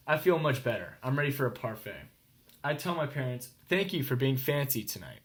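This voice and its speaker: A man with an American accent reads a children's picture book aloud in a mid-pitched voice. He goes slowly, stops to explain fancy words and asks his young listeners what comes next. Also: very animated, slight background noise. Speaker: teacher reading aloud.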